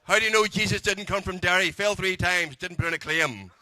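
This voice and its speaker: A man's voice: high-pitched, brisk, pushed and bright. A man doing cheeky, crude stand-up at a dinner. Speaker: after-dinner comedian. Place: large dinner function room.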